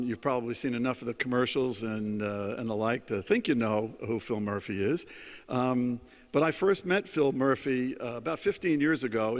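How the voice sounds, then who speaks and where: Anecdotal New keynote speaker, hall reverb. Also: male voice, medium pitch. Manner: storytelling, many ums and uhs. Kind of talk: after-dinner keynote with anecdotes. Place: conference hall.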